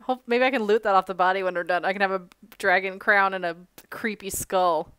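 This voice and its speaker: A woman playing a tabletop game, chatting casually with fillers and quick asides. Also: mid-range voice, fairly even intonation, fairly bright tone, smooth, no room sound. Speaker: player.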